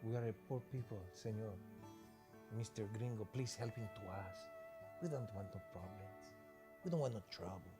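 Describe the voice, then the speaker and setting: A man's voice: fairly low pitch, moderate pace, loud music behind the voice, natural voice. A man voicing a humble, pleading poor man in a comic documentary interview. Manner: meek, begging.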